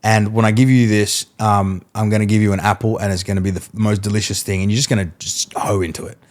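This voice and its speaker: A man, a mentalist guest, telling animated stories in casual podcast chat and acting out what people said. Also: fairly low pitch, fast. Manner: animated storyteller, acts out quotes, laughs mid-story.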